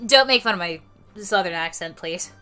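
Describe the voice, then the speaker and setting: A woman streamer giving loud, joking commentary and asides while reading a game aloud, with some swearing. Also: on the low side, lively intonation, normal speed, soft background music. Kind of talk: let's-play commentary.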